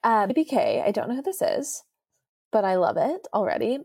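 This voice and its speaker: A young woman co-hosting a podcast in casual chat, animated and playfully dramatic. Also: on the high side, moderate pace, vocal fry, husky, dry recording, clean studio sound. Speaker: podcast co-host.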